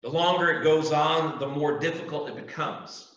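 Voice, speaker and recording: This man's voice is a little high and a bit bright, moving at a normal speed. As a youth pastor preaching to young people, he repeatedly appeals to his audience with earnest emphasis. Sound comes from a distant mic in an echoey room, and it's dull.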